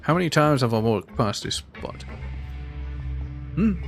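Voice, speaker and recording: A man's voice: on the high side, lively intonation, measured pace, gravelly, faint music behind. A man chatting and joking while playing a video game, swearing freely. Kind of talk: casual let's-play commentary.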